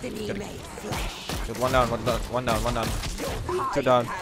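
A young man giving excitable, profane commentary on his own gameplay, whooping when things go well. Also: mid-range voice, measured pace, loud music behind the voice. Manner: excitable, swearing, yelps and whoops at kills. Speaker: gaming video host.

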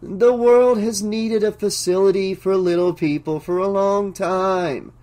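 A man voicing an entranced bank manager who talks slowly in a dreamy, sing-song way, reading an audiobook. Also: high voice, steady tone, darkish tone, pitched above the performer's own voice. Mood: dreamy, grandiose. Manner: slow, sing-songy, dreamy.

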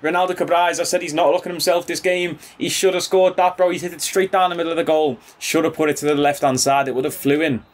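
A man commentating his own football video game, excitable and chatty, calling his viewers bro and boys. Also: fairly high pitch, fast, few pauses. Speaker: gaming YouTuber. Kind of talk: casual gameplay commentary.

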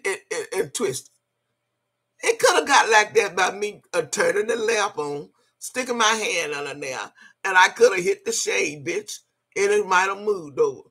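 A woman's voice: mid-range voice, animated, unhurried, fairly bright tone, breathy edge. An older woman in a casual vlog rant, profane and mocking, breaking into laughter often. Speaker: vlogger.

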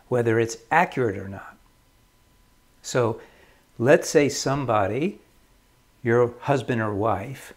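A man giving calm marriage advice in a measured way, often repeating his key phrases. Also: mid-range voice, slightly rough. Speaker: marriage counselor.

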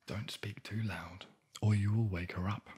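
A man whispering as a scheming old mother toad in a whispered role-play bedtime story, speaking softly and hushed. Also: deep voice, moderate pace, slight background noise, natural voice. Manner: hushed, soft-spoken.

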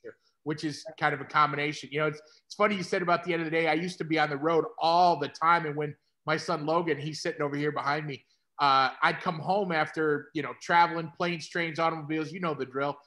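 A middle-aged man hosting a casual conversation, talking to doctors in an energetic, coaching way. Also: a little high, fast. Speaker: host and practice consultant.

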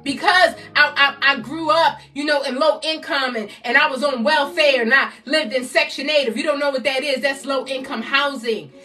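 A woman in her fifties from the United States, a motivational speaker giving a loud, exhorting live-stream talk that keeps repeating rallying phrases. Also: high voice, steady tone, moderate pace, few pauses, distant mic, soft background music. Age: 50s.

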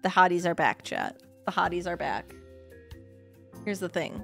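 A woman's voice: lowish voice, animated, unhurried, gravelly, soft background music. A young woman streaming a game, joking with crude asides and chatting casually.

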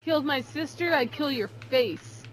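Giggly high-voiced woman in game chat. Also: moderate pace. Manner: giggly, teasing, swears casually. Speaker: online game player. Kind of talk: casual gaming voice chat. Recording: noisy voice chat recording.

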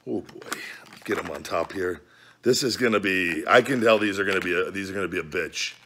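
A man's voice: low voice, fairly quick, a bit bright, a little hiss or hum. A man hosting his own vlog, talking casually and loosely with joking, profane banter through a hot food challenge at home. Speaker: vlog host.

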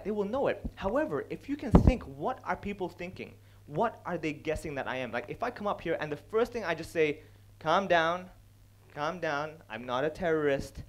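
A young man giving a stand-up style talk on comedy, animated and acting out other people's lines as he speaks. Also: high voice. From India. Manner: animated, acts out other people's lines, laughs at own jokes. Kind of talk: stage talk on comedy, switching between English and Cantonese.

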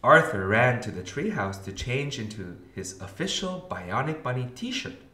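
A man, a kindergarten teacher, reading a storybook aloud to children with expressive storytelling. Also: mid-range voice, normal speed. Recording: roomy echo.

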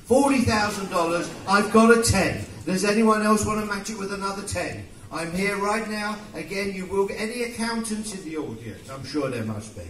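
An English man working as a charity auctioneer, coaxing bids with jokes and rapid-fire calls at a live fundraiser. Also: high-pitched, fairly bright tone, a little hiss or hum. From England. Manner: joking, coaxing, rapid-fire bid calling. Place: event hall with an audience. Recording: echoey hall from far off.

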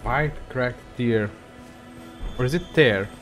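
A man's voice: mid-range voice, slow, music in the background. A young man giving casual, joking commentary as he plays a video game, swearing at enemies. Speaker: gaming video creator.

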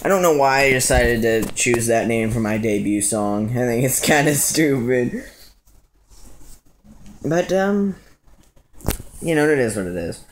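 A man's voice: mid-range voice, animated, measured pace, pauses often, slight background noise. A man, rambling through a casual home vlog with plenty of ums and likes. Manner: rambling, scattered, lots of fillers. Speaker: vlogger. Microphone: action camera.

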